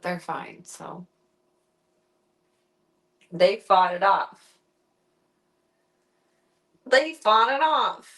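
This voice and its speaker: A woman's voice: mid-range voice, a bit bright. A young woman streaming from home on a handheld phone, chatting casually and slipping into baby talk with her pet cat. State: tearful, close to crying. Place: at home indoors. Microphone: handheld phone camera.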